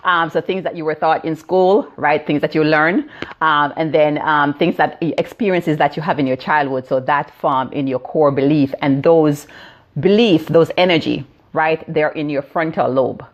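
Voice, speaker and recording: A woman's voice: deep voice, moderate pace, highs cut off. A Jamaican woman in her fifties, a healing practitioner explaining ideas on a phone live stream, with many fillers and "right?" check-ins. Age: 50s. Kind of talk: live-stream teaching talk.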